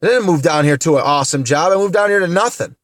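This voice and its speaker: A man's voice: fairly high pitch, fast, a bit bright, no room sound, clean studio sound. A man in his thirties from upstate New York, venting to the camera in an upset, indignant way, tearful and repeating himself. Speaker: vlogger.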